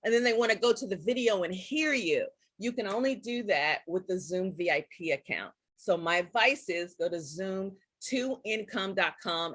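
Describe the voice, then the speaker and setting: A woman hosting a casual live-stream tutorial, chatty and excitable, talking straight to her viewers. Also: mid-range voice, dry recording. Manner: chatty and excitable, addresses viewers as guys and y'all. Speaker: live-stream host teaching Zoom tips.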